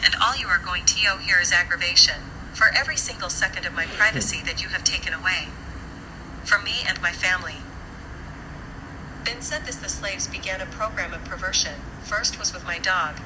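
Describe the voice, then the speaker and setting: A woman with a lowish voice earnestly recounts her experiences. She is heard in a played-back clip with clear background noise.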